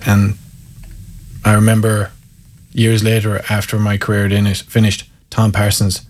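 A former Gaelic footballer with an Irish accent tells wry, candid stories in a casual interview. His voice is on the low side and monotone, at a normal speed.

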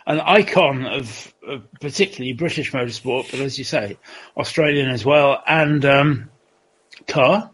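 A man's voice: medium pitch, measured pace, a bit bright. A man hosting a podcast, moving the talk along with brief, encouraging remarks. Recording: noisy recording.

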